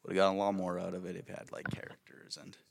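A man's voice: sits low, monotone, quick pace, gravelly. A young man co-hosting a podcast, talking about films in a laid-back, casual way and swearing freely. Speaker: podcast co-host. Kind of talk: casual film chat.

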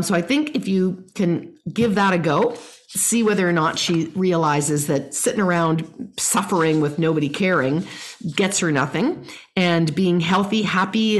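A woman's voice: lowish voice, normal speed. A woman hosting a podcast, giving parenting advice and reading listener questions aloud. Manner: warm explanatory, reads listener emails aloud. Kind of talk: casual advice talk.

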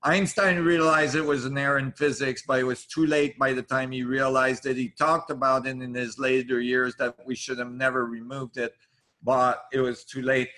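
A man's voice: medium pitch, flat delivery, normal speed, pushed and bright. A man who is a guest in an interview, explaining ideas earnestly and checking in with the listener as he goes.

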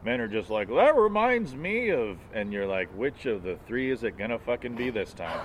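A man's voice: fairly low pitch, fairly quick, slight background noise. A man co-hosting a podcast in casual chat, blunt and profane, acting out quotes in other voices. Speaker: podcast co-host.

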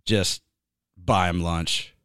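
A man's voice: deep voice, steady tone, extremely slow, a bit bright, clear, resonant tone, dry recording, studio quality. A man who is a worship pastor, chatting casually and rambling with lots of fillers. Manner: rambling, filler-heavy, breaks into singing snippets. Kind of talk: casual chat.

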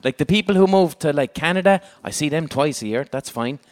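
An Irish man with a fairly high voice and quick delivery hosts a live comedic podcast chat before an audience. He's animated, swears a lot, and keeps bursting into laughter.

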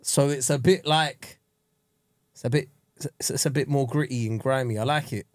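A man's voice: medium pitch, moderate pace, no room sound, studio quality. A young man, co-hosting a casual podcast chat and retelling a show with put-on voices. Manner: animated storyteller, puts on character voices in retellings. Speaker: podcast co-host.

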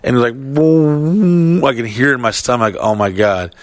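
A man's voice: mid-range voice, fast, a bit bright, no echo. A man telling a long story in casual chat, rambling and heavily profane, with lots of fillers. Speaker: podcast storyteller.

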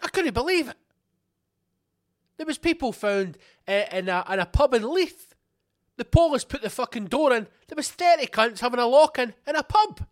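Scottish guy on a podcast ranting and swearing, pretty high voice, hammers his points. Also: animated, normal speed, dry recording, clean studio sound. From Scotland. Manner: angry, sweary, emphatic, rhetorical questions. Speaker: podcast host. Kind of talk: ranting monologue.

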